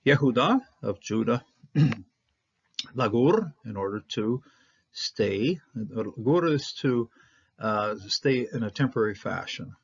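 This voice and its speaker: A man teaching a Hebrew text in an informal lesson, halting with many fillers and restarts, often checking in with "okay?". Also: on the low side, lively intonation, vocal fry, husky, highs cut off.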